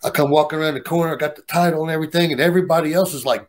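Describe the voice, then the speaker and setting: A man's voice: a little high, fairly even intonation, racing. Profane man telling a story, laughing. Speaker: guest storyteller. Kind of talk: casual storytelling.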